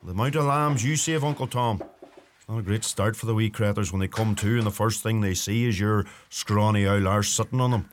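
A man's voice: on the low side, fairly quick, slight background noise, close to an everyday voice. An actor playing a cheeky young Irish farm son who teases his uncle, with an Irish accent. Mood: teasing. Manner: cheeky, teasing banter. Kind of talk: comedy sketch acting.

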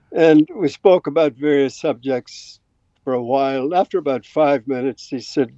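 An Irish man in his eighties, a retired scientist telling stories in a rambling, anecdotal way, often clearing his throat. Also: on the high side, a little slow, dark tone, no room sound, muffled recording. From Ireland. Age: 80s. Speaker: guest scientist. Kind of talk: relaxed storytelling.

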